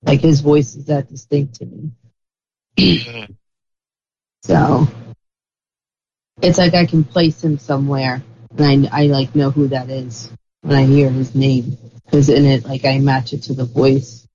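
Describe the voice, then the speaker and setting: A woman's voice: very deep voice, steady tone, a little slow, long pauses, dark tone. Rambling woman on a lo-fi call. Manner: rambling, searching for words. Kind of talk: casual group call chat. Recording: dull lo-fi call audio with faint noise.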